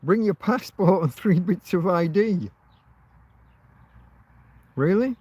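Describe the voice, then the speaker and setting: A man's voice: sits high, expressive, slow pace, long pauses, dark tone, slightly rough, no room sound. A man hosting a casual livestream, rambling, laughing often and swearing. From Britain. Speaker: livestream host.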